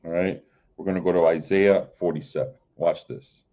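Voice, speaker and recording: A man preaching an informal livestream sermon, repeating "man" and "right?" between phrases and reading scripture in a drawn-out way. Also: low-pitched, fairly even intonation, dark tone, lo-fi sound. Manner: repeats "man" and "right?", stammers and restarts, slow KJV reading. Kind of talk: informal street-style sermon.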